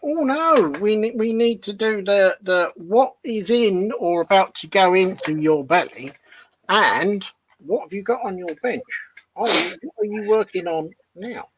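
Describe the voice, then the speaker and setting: A man's voice: high voice, expressive, unhurried, a little hiss or hum, poor audio. A man co-hosting a casual live chat, chatty and often restarting his sentences. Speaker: co-host.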